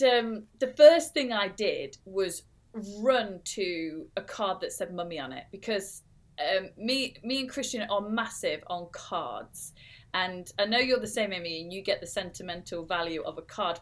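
Woman in her 30s rambling through a story on a podcast, lots of likes and ums, mid-pitched voice. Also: lively intonation, normal speed. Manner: chatty, storytelling with many fillers and restarts. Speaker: podcast co-host. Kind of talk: casual chat.

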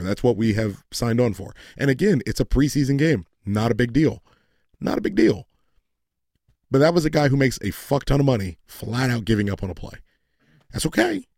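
Brief: blunt male podcast host, gravelly raspy voice, lively ups and downs. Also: medium pitch, dry recording, clean studio sound. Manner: blunt, ranting, swears freely. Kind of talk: casual chat.

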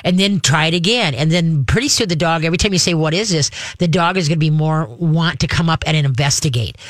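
A woman's voice: low-pitched, quick pace, no echo. A woman hosts a call-in radio show about dog training, in a folksy, rambling manner. She often slips into little voices for the dogs she talks about. Her voice sits close and dry on a studio microphone. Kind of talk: casual call-in radio talk.

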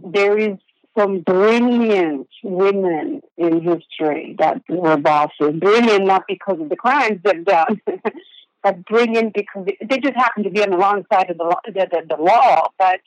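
A woman's voice: mid-range voice, a little slow, no echo. An Italian-born woman, Italian her first language, chatting as a guest in an interview. She talks emphatically and circles back over her words. The sound is dull and lo-fi, with a dry, close feel. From Italy. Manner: emphatic, repeats words while searching for them. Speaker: actress guest. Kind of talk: casual interview.

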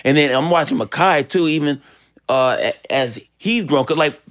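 A man from Los Angeles, a guest actor and comedian chatting casually on a podcast, talking in halting bursts with many fillers and restarts. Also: a little high, lively intonation, a bit bright.

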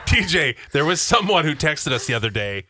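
A man's voice: fairly high pitch, big pitch swings, brisk, pushed and bright, slight background noise. A man co-hosting a podcast in casual chat, blunt and teasing. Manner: blunt, teasing, matter-of-fact. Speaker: podcast co-host.

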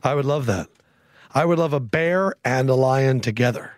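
A man's voice: medium pitch, no echo, clean studio sound. A man hosting a sports podcast, riffing in casual chat and freely sharing opinions. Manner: opinionated, quick to riff. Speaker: podcast host.

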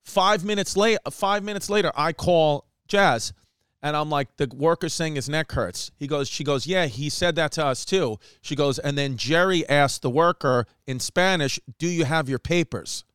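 A man telling a comic story in a fast, animated way, acting out quoted lines with Spanish asides. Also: a little high, clean tone, dry recording, clean studio sound. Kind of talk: casual storytelling monologue.

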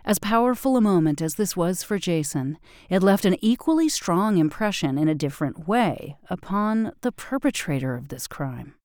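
A woman hosting a podcast, reading scripted narration with an expressive delivery. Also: lowish voice, moderate pace, hardly any pauses, dry recording, clean studio sound. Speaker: podcast host.

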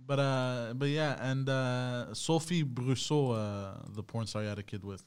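A man's voice: mid-range voice, a little slow, clear, resonant tone. A man co-hosting a podcast in a hesitant, mumbling casual chat. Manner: mumbling, hesitant, says bro. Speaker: podcast co-host.

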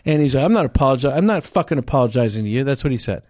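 A man's voice: medium pitch, animated, rapid-fire, a little mellow, dry recording, studio quality. A man telling a story in casual chat, acting out both sides of an argument with many restarts.

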